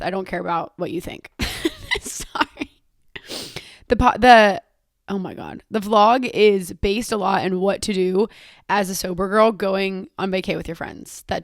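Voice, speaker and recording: A woman's voice: mid-range voice, no room sound, studio quality. A young woman hosting her own podcast in casual chat, self-mocking, swearing casually and hopping from one topic to the next. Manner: chatty, self-mocking, jumps between topics; swears casually and laughs often. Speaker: podcast host.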